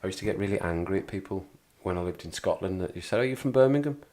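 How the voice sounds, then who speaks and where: With a low, slightly mellow voice, little pitch movement, and a quick pace, this livestream host chats casually with his live chat. He's from England's Black Country, speaks with its accent, and tends to ramble and repeat himself.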